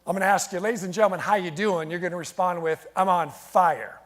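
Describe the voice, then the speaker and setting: High-energy man speaking in a reverberant hall. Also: very fast. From United States. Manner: energetic, storytelling, engages the crowd with call-and-response. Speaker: motivational keynote speaker. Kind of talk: live motivational keynote to an audience. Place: large event hall with audience. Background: audience responding and laughing.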